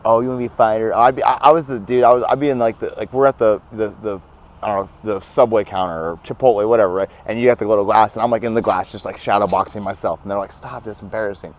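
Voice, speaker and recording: A young man telling stories as a podcast guest, animated and laughing often, acting out what others said. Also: on the low side, fast talker, slight background noise. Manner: animated, laughs often, acts out quoted dialogue. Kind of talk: casual storytelling.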